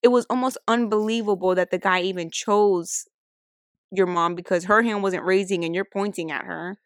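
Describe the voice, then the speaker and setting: A woman's voice: mid-range voice, fairly even intonation, smooth, no echo, clean studio sound. Teasing young woman in banter. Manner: teasing, blunt, quick to interject. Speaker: podcast co-host. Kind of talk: casual banter.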